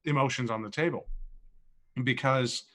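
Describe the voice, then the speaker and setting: A man's voice: medium pitch, normal speed, fairly bright tone. A man player reflecting casually on his character, thinking aloud and swearing now and then. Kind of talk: casual discussion.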